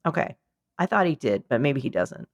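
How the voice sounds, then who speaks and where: On a podcast she co-hosts, a drowsy woman from the United States speaks in a rumbling low, sing-song voice at a moderate pace. Playful and rambling, she voices the story's characters in silly ways, her tone casual and comic, all recorded dry with no room sound.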